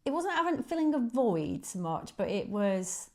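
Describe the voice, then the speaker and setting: A woman's voice: fairly high pitch, moderate pace. Chatty woman in her forties. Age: 40s. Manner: chatty, laughs often, voice jumps up when excited. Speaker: guest. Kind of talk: casual chat.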